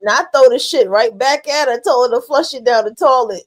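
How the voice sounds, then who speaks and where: A woman's voice: a little high, normal speed. A woman hosting a podcast, giving blunt, profane live reaction commentary in loose slang. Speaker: podcast host.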